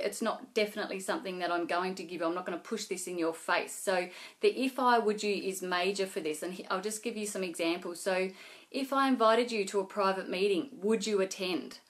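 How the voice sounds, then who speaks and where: A young adult woman speaks straight to her viewers in a relaxed, chatty way. Her voice sits at an ordinary middle pitch, and she often circles back with fillers and restarts while she explains sales tips. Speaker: network marketing vlogger. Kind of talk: casual advice vlog to camera.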